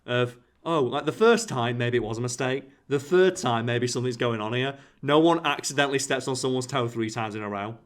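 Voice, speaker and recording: On a casual podcast, the host explains his points with everyday analogies and acts out short quoted exchanges. He speaks briskly with few pauses, at a medium pitch, into a podcast microphone.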